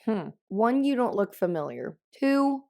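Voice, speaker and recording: A woman voicing a big, grumbly young man who sells ice, speaking gruffly and low-key. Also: very animated, unhurried, warm tone.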